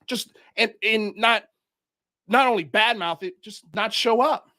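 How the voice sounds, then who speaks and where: A man's voice: high voice, a little slow, pushed and bright. A man from Miami hosting a livestream, ranting in heated commentary as he calls people out. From Miami, United States. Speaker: show host.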